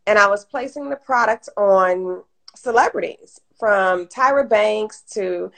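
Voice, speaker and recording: A woman's voice: medium pitch, unhurried, gravelly. A woman from Detroit, a guest on an interview show, telling her story casually and animatedly, acting out what others said. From Detroit, Michigan. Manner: animated, acts out quoted voices. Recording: IG Live stream audio.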